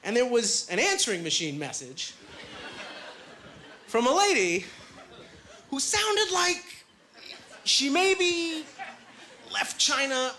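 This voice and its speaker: A man doing stand-up on a club stage into a handheld mic, his voice high and bright. He talks in a chatty, self-deprecating way, full of little fillers and quick asides, with a faint hum of the room behind him. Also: sing-song. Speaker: stand-up comedian. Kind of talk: stand-up comedy set. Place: comedy club stage with a laughing audience.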